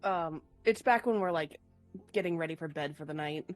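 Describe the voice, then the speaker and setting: A woman's voice: low-pitched, normal speed, soft background music. A woman playing a tabletop role-playing game, describing her character in a chatty, laughing way. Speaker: player.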